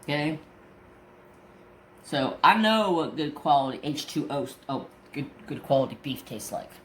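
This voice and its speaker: A craft channel host chatting casually, telling a profane story and acting out everyone's lines. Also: male voice, on the high side, measured pace, a little hiss or hum. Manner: profane, animated storytelling that acts out voices. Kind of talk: casual chat.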